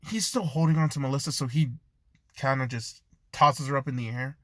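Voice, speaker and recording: A man's voice: medium pitch, steady tone, fairly quick, no echo. A man improvising a fan story in a loose, rambling way, full of fillers and self-corrections.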